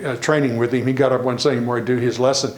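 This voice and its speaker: A man preaching a sermon in a church, animated, varying his pace and acting out the people he quotes. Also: mid-range voice, rapid-fire, roomy sound, slight background noise. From Tennessee.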